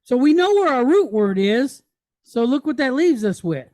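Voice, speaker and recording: A woman's voice: high-pitched, very animated, moderate pace, warm tone, no echo. A woman teaching a Hebrew reading lesson, patiently naming each letter and vowel point and checking in with the class as she goes. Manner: checks in with frequent "right?".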